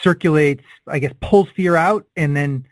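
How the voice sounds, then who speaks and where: Male podcast host, a touch high-pitched, dry close recording, short paraphrasing questions. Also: moderate pace, no echo. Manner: brief affirmations and paraphrased questions. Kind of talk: interview questions.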